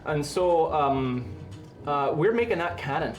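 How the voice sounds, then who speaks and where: A man's voice: on the high side, lively intonation, unhurried. A man hosting a casual live stream and chatting loosely, with many fillers. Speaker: stream host and voice performer.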